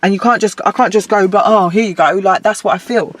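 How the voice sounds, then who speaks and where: A woman's voice: medium pitch, fairly even intonation, fast talker, dry recording. A woman musician speaking in a casual interview, earnest and reflective, laughing easily. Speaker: guest musician.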